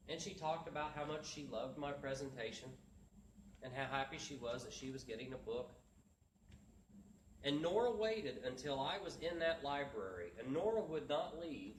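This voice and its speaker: A man's voice: on the high side, animated, normal speed, a little hiss or hum. A man giving a motivational talk, telling a story earnestly and acting out the voices of the people in it. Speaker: motivational speaker. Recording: echoey room from far off.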